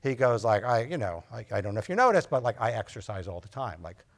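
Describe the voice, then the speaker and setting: A man's voice: fairly low pitch, very animated, quick pace. A physician giving a conversational lecture to nurse practitioners, loose and anecdotal, acting out his talks with patients. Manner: loose and anecdotal, full of fillers, acts out patient dialogue.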